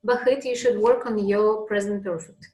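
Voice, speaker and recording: A woman's voice: medium pitch, steady tone, normal speed, darkish tone, reverberant, rough recording. A woman teaching an English lesson, patiently explaining with examples.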